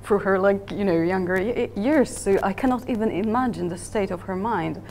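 A woman's voice: medium pitch, normal speed, a little mellow, slight background noise. A woman joining a casual podcast chat, speaking in a thoughtful, reflective way.

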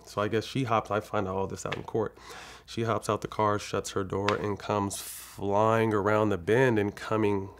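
A man's voice: on the low side, little pitch movement, normal speed, noisy background. A man from California, a guest in an interview, telling a long personal story frankly and with profanity, acting out the dialogue as he goes. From California, USA. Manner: rambling, with frequent restarts.

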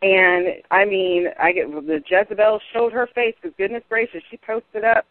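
A woman's voice: mid-range voice, fairly even intonation, normal speed, no echo. A woman from North Carolina calling in to a radio show, talking in a chatty, rambling way. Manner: chatty, rambling, with giggling asides. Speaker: caller. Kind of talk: call-in radio conversation. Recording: tinny phone line.

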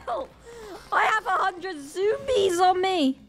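A woman with a Northern Irish accent giving excitable gameplay commentary, full of panicked exclamations. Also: very high voice, slow pace, over music. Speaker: gaming channel host.

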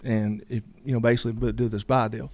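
A man's voice: mid-range voice, flat delivery, fast talker, a little mellow, no echo. A middle-aged man, telling a story casually in a rambling way, full of fillers and quoted dialogue. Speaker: guest.

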